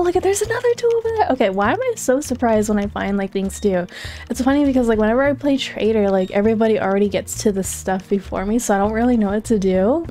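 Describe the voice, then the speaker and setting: Excitable young woman gaming host. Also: on the high side. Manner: excitable, gasping and giggling, talking quietly. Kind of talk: casual gameplay commentary.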